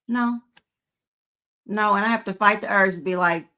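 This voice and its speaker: A woman in her fifties hosting a panel, talking frankly and conversationally with frequent pauses to gather her words. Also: medium pitch, lively intonation, pushed and bright. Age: 50s. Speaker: host.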